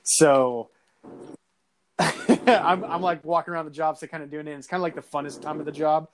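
A man's voice: on the high side, steady tone, moderate pace, a little hiss or hum. A man telling a story in casual chat, rambling with many fillers and swear words.

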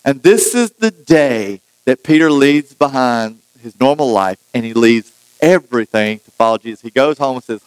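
A man preaching a sermon in a relaxed, conversational way, with jokey asides and frequent restarts. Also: mid-range voice, moderate pace, clear, resonant tone, rough recording. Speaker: pastor.

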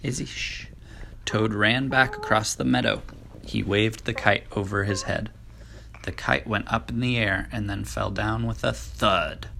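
Woman reading a storybook to a child, very deep voice, gravelly, slow, gentle. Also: steady tone, a little hiss or hum.

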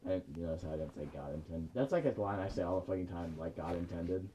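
A man's voice: sits low, fast, dark tone, slight background noise. A man in his twenties on a podcast, chatting casually and profanely while playing a game and joking around. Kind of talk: casual chat while gaming.

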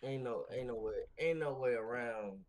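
A man co-hosting a casual wrestling podcast over a remote call, talking in a rambling, slangy, animated way and laughing often. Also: mid-range voice, moderate pace. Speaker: podcast co-host. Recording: remote call with glitchy connection.

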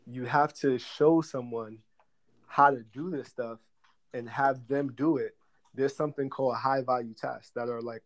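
A young adult man giving long, earnest answers as an interview guest, explaining step by step with frequent fillers. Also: medium pitch. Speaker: guest, credit repair business director.

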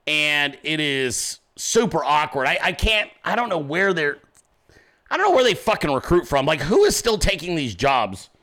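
A man's voice: on the high side, big pitch swings, moderate pace, bright, forceful tone. A man hosting a political commentary show, ranting angrily and sarcastically with constant profanity.

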